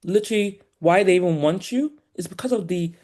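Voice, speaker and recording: A woman with a Nigerian accent softened by years in the US, talking as a guest in an animated, emphatic way and laughing often. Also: fairly low pitch, fairly quick. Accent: Nigerian, polished by years in the US. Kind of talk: casual conversation.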